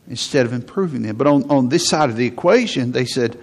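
A man's voice: medium pitch, quick pace, hardly any pauses. A man preaching a conversational sermon to a congregation, often acting out what people say. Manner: conversational preaching, acts out quotes. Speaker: pastor.

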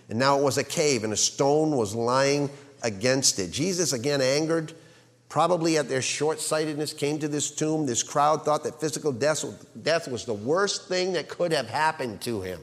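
A male pastor preaching a sermon, swinging between loud emphasis and hushed quiet and asking the congregation rhetorical questions. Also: a little high, lively intonation, normal speed, big-room sound.

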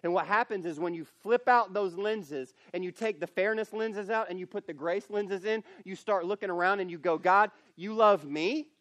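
A man's voice: sits high, normal speed, hardly any pauses, fairly bright tone, no echo. A man preaching a sermon at a camp, earnest and emphatic, often repeating and restarting phrases. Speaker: camp speaker.

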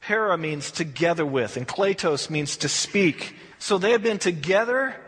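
A man leads a Bible study in a high, husky voice, chatty and folksy as he acts out the scriptures. His words bounce around a large hall with a long reverb tail. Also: moderate pace. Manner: folksy, animated, acts out quotes. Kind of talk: verse-by-verse Bible teaching, conversational.

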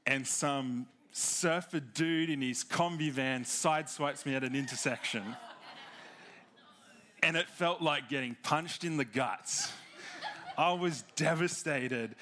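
A young adult man, giving a sermon as a relaxed personal story, chatty and self-deprecating, laughing at himself now and then. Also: a little high, slow pace. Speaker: preacher.

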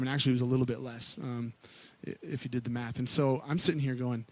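A man in his thirties, a worship pastor, telling a personal story in a sermon with candid, conversational delivery that swings between loud pleading and quiet asides. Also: steady tone, quick pace. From Missouri. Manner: candid storytelling, rising to loud pleading then dropping low.

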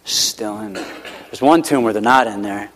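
A man's voice: lowish voice, moderate pace, fairly bright tone, a little hiss or hum. Emphatic male pastor in an echoing hall. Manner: conversational, emphatic repetition, frequent "like" fillers. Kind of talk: sermon. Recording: hall with long reverb.

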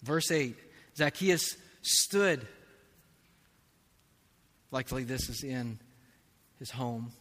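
Man preaching slow, bright voice, big church echo. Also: medium pitch, animated. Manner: slow, emphatic preaching with big swings in loudness. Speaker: pastor. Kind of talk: sermon. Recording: long reverb of a large hall.

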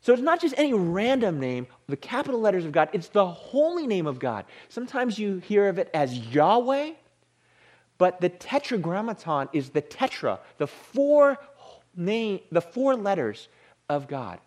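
A man preaching a sermon, animated, sinking into a hushed low voice on the holy words. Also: moderate pace. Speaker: pastor.

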